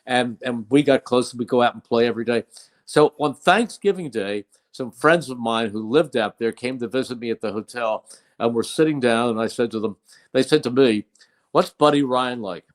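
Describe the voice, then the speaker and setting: A man's voice: medium pitch, normal speed. An older man, a veteran broadcaster, telling fond anecdotes in an interview with emphatic, storytelling delivery. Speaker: play-by-play broadcaster.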